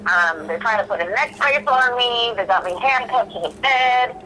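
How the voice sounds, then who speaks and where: On a low-quality recording with slight background noise, a woman with a fairly high, animated voice and sharp tone talks at a moderate pace. Calling in to a podcast from prison, she rambles candidly through her own story with lots of fillers and restarts, reenacting her past thoughts in quotes.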